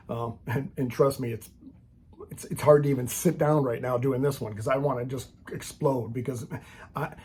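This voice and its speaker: In a warm, husky, medium-pitched voice, a Christian video maker delivers an impassioned, preachy rant straight to camera for his channel. He's blunt, restarts often, and keeps repeating "okay?"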